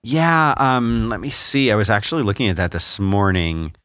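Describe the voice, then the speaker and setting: A man with a low voice talks in a relaxed, easygoing podcast chat and laughs easily. His tone stays loose even while he reads an ad. The sound is close and dry, with no room behind it. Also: normal speed, no echo. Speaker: podcast co-host. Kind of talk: casual chat with a read ad.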